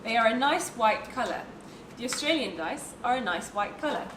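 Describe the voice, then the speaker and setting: A woman's voice: on the high side, lively intonation, moderate pace. A woman co-hosting a casual unboxing chat, chatty and playful. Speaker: co-host. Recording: echoey room, mic at a distance, noisy.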